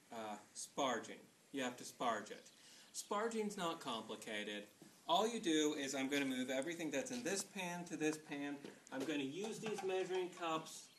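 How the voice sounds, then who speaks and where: A man's voice: mid-range voice, bright, forceful tone, a little hiss or hum. A young man casually demonstrating home brewing in his kitchen, chatty and rambling, with self-deprecating jokes.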